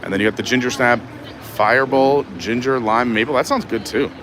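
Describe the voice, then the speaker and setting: A man's voice: mid-range voice, brisk, over music. A man live-streaming a walk through a theme park festival, chatting casually and reading menu boards aloud. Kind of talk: casual walking commentary.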